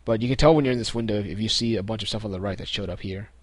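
Young guy, lowish voice, relaxed tutorial host with filler words, dry recording. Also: rapid-fire, no echo. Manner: relaxed, many ums and restarts. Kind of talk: casual screen-recorded tutorial.

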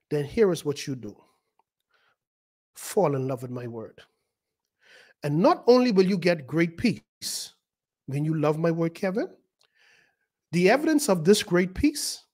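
A man's voice: on the high side, darkish tone, slightly rough. A male pastor preaching a sermon with emphatic repetition and rhetorical questions to his listeners.

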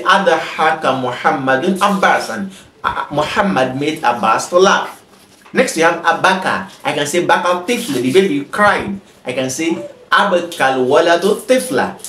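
A man teaching an Arabic grammar lesson, who reads example sentences quickly and then translates them slowly and patiently. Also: fairly high pitch, pushed and bright. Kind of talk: explaining an Arabic grammar exercise in English. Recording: echoey room.

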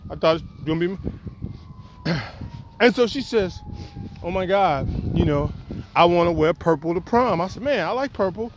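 Animated man telling a story on a walk. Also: high-pitched, muffled recording. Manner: animated storyteller, acts out quotes. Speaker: poet and vlogger. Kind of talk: storytelling vlog while walking outdoors. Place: outdoors on a windy walk. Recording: faint wind and outdoor noise.

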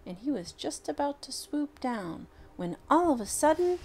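A woman reading a picture book aloud, expressive and unhurried with dramatic pauses. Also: sits high. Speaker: storyteller. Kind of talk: storybook read-aloud.

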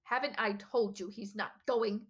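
A blustering, bullying middle-aged uncle, as a woman plays him who hisses and yells in a storybook telling. The voice is pitched high and shrill. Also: steady tone, measured pace, breathy edge. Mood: hissing. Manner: hissing and yelling.

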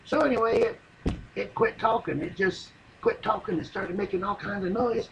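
A man with a drawl rambles through a profane comic story in plain folksy grammar. His voice sits high for a man. The recording carries clear background noise. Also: moderate pace, highs cut off. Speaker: comedian telling a story. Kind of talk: stand-up comedy monologue.

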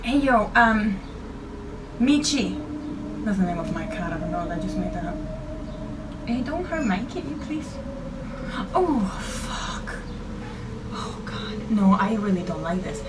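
A woman's voice: medium pitch, very animated, measured pace, long pauses. A young woman giving nervous, casual reaction commentary to her viewers while playing, swearing as she gets spooked. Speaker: gaming vlogger. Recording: distant from the mic, with clear background noise.

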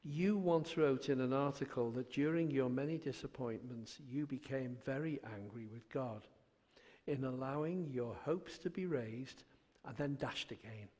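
Measured male interviewer, reverberant room. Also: mid-range voice, a little mellow. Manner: measured, reflective questioning. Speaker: interviewer host. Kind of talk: gentle interview questions. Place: church. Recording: long hall reverb.

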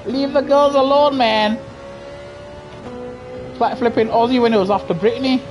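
A man's voice: very high voice, normal speed, faint music behind. A man streaming a sim racing game live, bantering in a jokey, laughing, cheeky way into a gaming headset at his home rig. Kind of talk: live gameplay commentary.

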